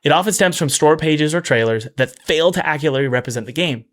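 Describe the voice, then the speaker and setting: A man hosting a casual commentary video about game development. He talks in an energetic, chatty way, with restarts and quick asides, and repeats key phrases for emphasis. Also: on the high side.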